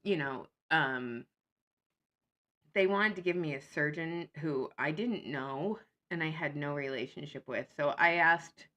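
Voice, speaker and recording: A woman talks straight to camera in a casual vlog, blunt and sarcastic. Her voice sits a little low yet sounds bright and forward. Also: a little slow. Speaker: vlogger. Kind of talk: casual chat.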